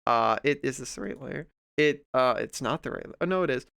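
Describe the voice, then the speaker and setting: A man talks loosely to his stream chat as he works, with a gravelly edge and a bright, crisp tone. He rambles warmly, trailing off and restarting often. The close mic sounds dry. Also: mid-range voice, expressive, brisk, no room sound. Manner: rambling and heartfelt, with many fillers and restarts. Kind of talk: casual livestream chat while drawing.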